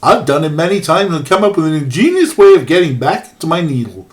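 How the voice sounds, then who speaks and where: A man voicing a jolly old male woodsman in a deliberately bad put-on Canadian accent, reading game text aloud. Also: on the high side, sing-song. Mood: hearty.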